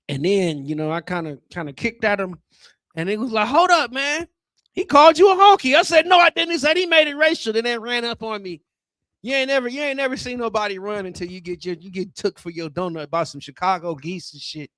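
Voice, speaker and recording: A man in his thirties doing a loose, profane and rambling stand-up comedy set on a club stage, talking into a handheld mic, with sudden loud outbursts. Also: high-pitched, no echo. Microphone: handheld microphone.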